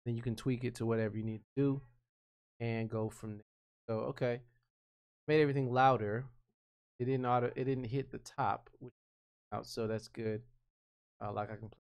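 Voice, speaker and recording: A man's voice: medium pitch, normal speed, long pauses, clear, resonant tone. A man talking casually through a screen-recorded editing tutorial, narrating each click as he thinks aloud. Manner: relaxed and conversational, with frequent restarts. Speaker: freelance video editor explaining his workflow.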